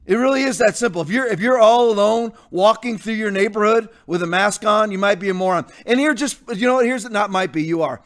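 A man's voice: high-pitched, brisk, hardly any pauses. A man preaching as a pastor in a blunt, defiant rant, repeating his points for emphasis. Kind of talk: combative sermon rant.

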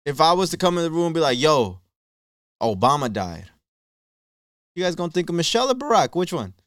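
A man's voice: fairly high pitch, big pitch swings, racing, smooth, no echo, clean studio sound. A man co-hosting a podcast, talking in a slangy, emphatic, profane way. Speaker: podcast co-host. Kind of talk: casual podcast chat.

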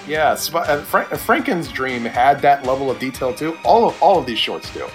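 Animated man chatting about animation. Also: medium pitch, normal speed, soft background music. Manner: animated, swears, frequent restarts and laughter. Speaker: podcast co-host. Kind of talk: casual chat.

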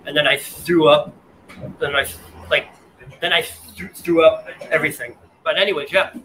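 A man, a waiter, telling a wild story in a casual chat, animated, laughing and restarting as he acts out quotes. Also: on the high side, moderate pace, a little hiss or hum, poor audio. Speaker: guest, waiter. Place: bar.

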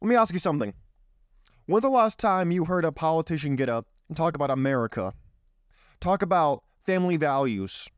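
Male host, indignant political monologue, fairly high and smooth voice, dry close mic. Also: expressive, fairly quick, no echo. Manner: indignant, rhetorical questions, rambling. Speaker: show host.

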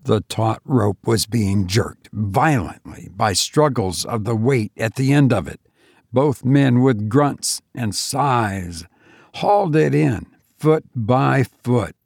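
Storyteller, male, measured and slow, gravelly tone, dry close sound. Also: mid-range voice, expressive, dry recording. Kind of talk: scripted narration.

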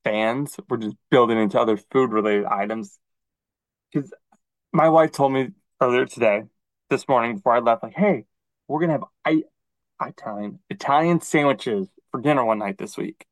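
A man co-hosting a podcast, chatting casually and acting out quoted dialogue in an animated storytelling manner. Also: mid-range voice, moderate pace, dry recording, poor audio. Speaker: podcast co-host. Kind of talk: casual chat.

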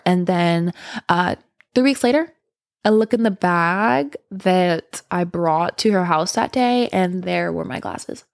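A woman's voice: on the low side, a little mellow, no room sound, clean studio sound. A young woman telling a candid storytime to her viewers, rambling and swearing freely. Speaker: vlogger. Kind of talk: casual storytime monologue.

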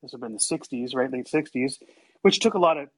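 Husky older man telling family stories. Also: fast talker. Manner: animated, acts out family members in higher voices. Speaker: storyteller guest. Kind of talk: casual storytelling chat.

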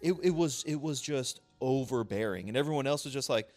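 A man in casual podcast chat, ranting with lots of swearing. His voice sits at an ordinary middle pitch but jumps up sharply when he gets worked up. Faint music plays underneath. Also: fairly quick. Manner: animated, profane ranting. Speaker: podcast co-host.

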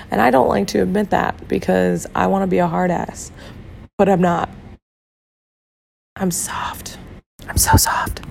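A woman hosting a casual solo podcast, her voice hoarse and rough after losing it, talking candidly with swearing and lots of fillers. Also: medium pitch, a little mellow, a little hiss or hum. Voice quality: rough, gravelly. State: hoarse from a lost voice. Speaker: podcast host.

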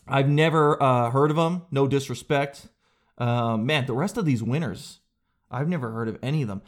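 A young adult man, a comedian hosting a podcast, riffing casually and rambling, often slipping into quick exaggerated impressions. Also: mid-range voice.

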